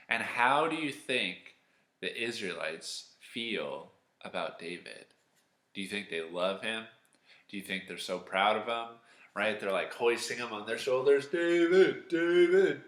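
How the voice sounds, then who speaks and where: A man with a low, bright, forceful voice tells a Bible story to children. He talks in a chatty, animated way and keeps asking the kids questions. The sound rings in a roomy, echoey space. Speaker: children's ministry teacher.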